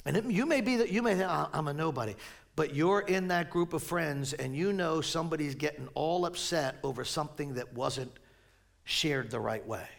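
Man, pastor, middle-aged, gravelly raised voice, chatty animated sermon, stumbling restarts. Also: on the high side, normal speed. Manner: conversational, animated preaching with stammered restarts.

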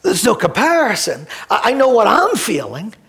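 Older male pastor, gravelly and high-pitched, slow impassioned sermon delivery. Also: wildly swooping pitch. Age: 60s. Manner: impassioned, swings from soft to shouting.

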